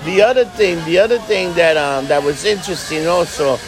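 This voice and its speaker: A man's voice: on the high side, a little fast. A man in casual chat who exclaims, swears and repeats himself. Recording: crowd noise behind.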